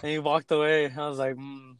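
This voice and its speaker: A man's voice: on the high side, a little fast, clean tone, no room sound. A young man in casual chat, telling a work story with acted-out quotes and plenty of swearing. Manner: animated storytelling, acts out quotes, swears freely.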